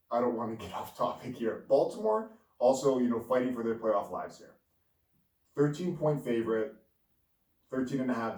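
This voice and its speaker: A man's voice: lowish voice, darkish tone. A man hosting a sports betting podcast, running through his picks in a casual, rambling way with lots of fillers. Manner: rambling, self-amused, filler-heavy. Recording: echoey room, distant from mic.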